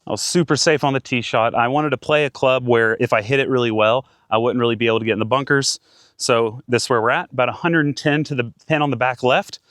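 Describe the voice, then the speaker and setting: A man in his thirties giving casual play-by-play of his own golf round outdoors, getting excited and talking to himself between shots. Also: medium pitch, fast, no echo, studio quality. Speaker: golf vlogger.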